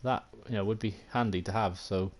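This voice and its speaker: Welsh male streamer, lowish voice, chatty running commentary, self-deprecating asides to viewers. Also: fairly even intonation, brisk. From Wales. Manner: thinks aloud, chatty, self-mocking, answers chat. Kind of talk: live gameplay commentary.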